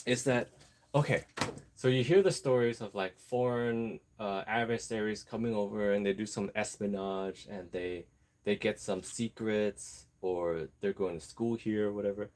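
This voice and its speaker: A man's voice: medium pitch, darkish tone, a little hiss or hum. A man vlogging in a rambling casual chat, digressing and laughing often while he works on an apron. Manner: chatty, digressive, laughs often, easily distracted; talks while sewing an apron.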